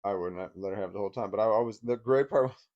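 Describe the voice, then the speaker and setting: A man's voice: fairly low pitch, quick pace, darkish tone, muffled recording. A man casually telling a long story about his daughter and ex-wife, rambling with frequent restarts, laughter and swearing. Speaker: divorced father telling a story.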